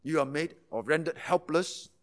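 A man preaching a sermon, moving between quiet explanation and impassioned, emphatic retellings, sometimes dropping almost to a hush. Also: fairly high pitch, moderate pace. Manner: impassioned, rising to emphatic intensity then dropping to near-hushed tones.

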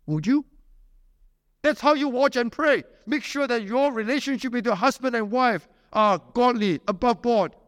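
A man preaching a sermon at a church camp, emphatic, swinging between loud urging and low, quiet pleading. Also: normal speed, clean studio sound. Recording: long hall reverb.

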